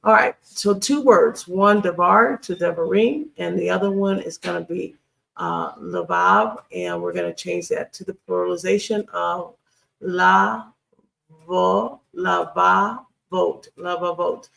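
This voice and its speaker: A Hebrew grammar instructor teaching a screen-share lesson, deliberate and repeating key phrases with frequent ums. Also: mid-range voice, creaky, fairly bright tone.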